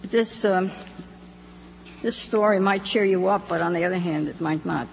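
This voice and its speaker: Gravelly woman reading her own work. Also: lowish voice. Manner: measured, deliberate, reflective. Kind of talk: live poetry and story reading. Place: live reading in a hall. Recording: echoey hall, faint hum.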